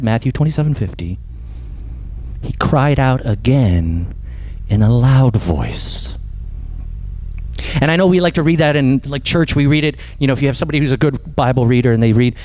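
A man preaching a sermon as pastor, impassioned, swinging from loud emphatic lines to slow hushed ones. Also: medium pitch, no echo.

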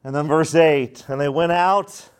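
A man's voice: a little high, measured pace, smooth. A man preaching a sermon as pastor, with emphatic repetition and questions put to the congregation.

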